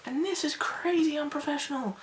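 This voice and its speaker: A woman's voice: high-pitched, a little fast. Chatty young woman in an echoey room. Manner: chatty, rambling, animated. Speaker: vlogger. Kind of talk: casual talk to camera. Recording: echoey room, faint background noise.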